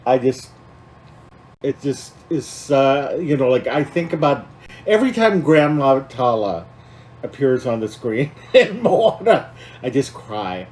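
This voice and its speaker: A man's voice: medium pitch, sing-song, slow, darkish tone, slight background noise, poor audio. A man co-hosting a podcast, talking casually and with feeling, rambling with many fillers and restarts. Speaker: podcast co-host.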